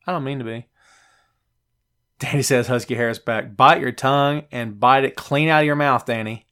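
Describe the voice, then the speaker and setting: A man's voice: medium pitch, fairly quick, smooth. A man hosting a live wrestling talk show, chatting casually and reading viewers' names aloud, recorded on a phone and a bit out of breath. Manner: chatty, animated, reads chat names aloud. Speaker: podcast host.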